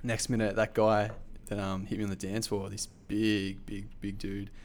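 A man with a slightly low voice tells a wild story in casual conversation. He is animated and swears freely, and his talk is full of loose fillers. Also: moderate pace.

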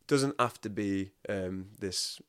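A man chatting casually as a guest, telling stories in an animated way and often breaking into laughter. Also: low-pitched, takes it slowly, clear, resonant tone. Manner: animated, laughing, acts out quotes. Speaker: podcast guest. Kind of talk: casual storytelling chat.

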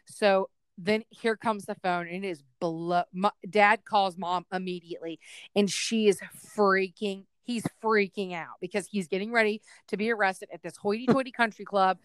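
A woman's voice: mid-range voice, moderate pace, clean tone, no room sound. A young adult woman co-hosting a podcast, telling a family story in casual chat and acting out relatives' voices. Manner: animated, does loud voices of family members in her stories. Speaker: podcast co-host.

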